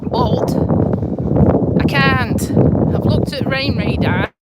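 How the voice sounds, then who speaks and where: A woman's voice: high voice, takes it slowly. Breathless woman vlogging outdoors. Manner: chatty, blunt, swears casually. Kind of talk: casual live vlog while walking. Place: outdoors on a windy walk. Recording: noisy outdoor phone recording with wind.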